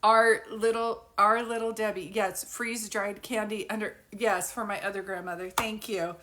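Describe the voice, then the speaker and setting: A woman's voice: medium pitch, steady tone, moderate pace, bright, forceful tone, a little hiss or hum. A woman working as a psychic medium, giving a live spirit reading in a chatty, informal way and laughing often.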